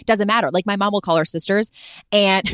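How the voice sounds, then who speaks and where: A young woman co-hosting a podcast in casual chat, talking quickly and acting out her parents' lines. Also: mid-range voice, steady tone, fairly bright tone, clear, resonant tone, no room sound, clean studio sound. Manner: quick, chatty, mimics parents. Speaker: podcast co-host.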